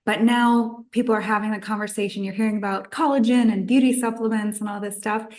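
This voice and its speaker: A woman's voice: mid-range voice, fairly even intonation, fast, a little mellow. A woman in her thirties, a nutritionist guest on a podcast, telling her own story in a chatty way and acting out her past thoughts.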